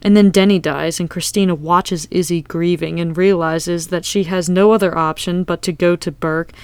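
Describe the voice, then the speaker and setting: A woman's voice: fairly low pitch, fairly even intonation, moderate pace, darkish tone, clean tone, no room sound. A woman in casual podcast chat, recapping TV scenes and reading quotes aloud. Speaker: podcast co-host.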